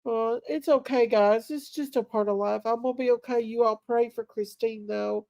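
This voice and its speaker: Lady on a live stream, kinda high voice, dry close sound, emotional and sweet with her viewers. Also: fairly even intonation, normal speed, gravelly, warm tone, no room sound. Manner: emotional and affectionate, talking to viewers as friends. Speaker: livestream host. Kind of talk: casual live stream chat.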